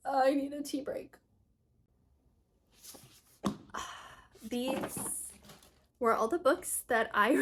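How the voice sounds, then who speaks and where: A young woman chatting on her book vlog, gushing and emotional about what she read, with fillers like "um" and "I don't know". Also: on the high side. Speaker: book vlogger. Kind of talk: casual book review vlog.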